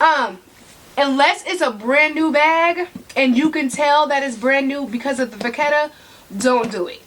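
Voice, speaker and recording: A woman with a high voice talks straight to her viewers in a casual vlog. She wanders off on tangents and comes back, repeating key points to drive them home. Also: a little fast, a bit bright, a little hiss or hum. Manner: chatty, tangent-prone, talks to viewers directly; emphatic repeats for stress. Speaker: vlogger. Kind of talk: casual talk to camera.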